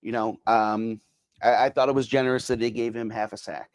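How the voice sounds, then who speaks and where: A middle-aged man alone on a sports podcast reads out viewer comments in a loose, rambling way full of fillers and repeats. He has a medium-pitched, fairly even voice, talks a little fast, and the recording is dry and studio quality.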